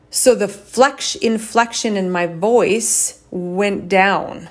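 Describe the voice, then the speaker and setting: Speaking very slowly and with few pauses, a woman chiropractor hosts a laid-back solo podcast. She talks candidly and lets her pitch rise and fall to demonstrate various tones of voice.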